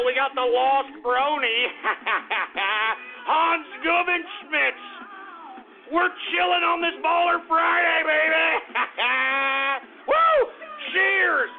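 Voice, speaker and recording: A man's voice: extremely high pitch, vocal fry. A man hosting a rowdy call-in radio show, boisterous, whooping and laughing, often swearing. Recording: tinny phone-line sound with faint music.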